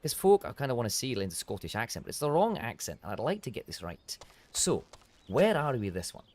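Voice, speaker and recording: A man's voice: mid-range voice, very animated, brisk, darkish tone. A man streaming a game, commenting casually and a little tired, thinking aloud and restarting his sentences. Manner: self-critical, thinking aloud, stumbling restarts.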